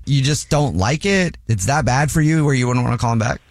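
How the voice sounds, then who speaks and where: A man's voice: medium pitch, lively intonation, brisk, no room sound. Radio host guy, friendly, laughs a lot, dry studio sound. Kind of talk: radio show phone segment.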